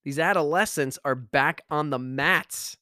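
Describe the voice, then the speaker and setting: A man's voice: fairly high pitch, a little slow, dry recording, studio quality. Emphatic middle-aged man, motivational podcast. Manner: energetic, emphatic, repeats phrases for effect. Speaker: podcast host. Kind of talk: motivational monologue.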